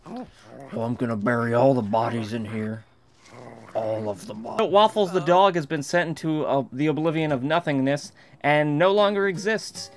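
A man's voice: on the high side, moderate pace. A young man in casual game commentary, goofy and rambling, who keeps slipping into silly voices. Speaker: gaming commentator. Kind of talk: casual let's play commentary.

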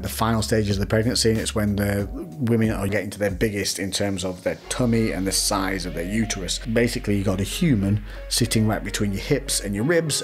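A young man with a fairly low voice chats his way through viewer questions in a relaxed, casual Q&A. He is upbeat and quick to laugh. Soft music sits faintly behind him. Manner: upbeat and chatty, laughs easily. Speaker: fitness vlogger answering viewer questions. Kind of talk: casual Q&A chat. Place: home, indoors.

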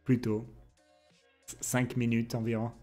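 Warm in tone but completely flat in delivery, this young adult livestreamer speaks at normal speed with a medium pitch. He chats casually with his viewers, reads their messages aloud, and teases them playfully over soft background music.

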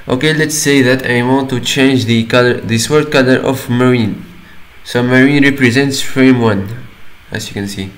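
A man narrating a screen-recording tutorial step by step, often pausing on "okay" between steps. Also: medium pitch, steady tone, low-quality recording. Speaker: tutorial maker.

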